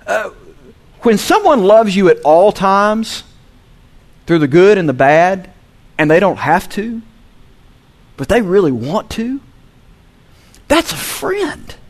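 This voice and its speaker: A male pastor preaching a sermon, swinging between soft low asides and loud, emphatic peaks. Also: animated, slow, pauses often. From Southern US.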